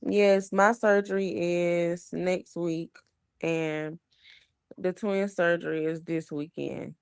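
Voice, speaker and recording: A woman's voice: fairly low pitch, fairly even intonation, slow pace, clean tone, no room sound. A young woman chatting casually on a livestream, greeting viewers and talking about her kids while burping a baby.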